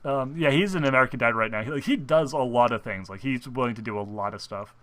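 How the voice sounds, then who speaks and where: A man's voice: mid-range voice, fast talker, a bit bright, dry recording. A young man co-hosting a casual fan talk show, rambling with lots of fillers and restarts. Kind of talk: casual chat.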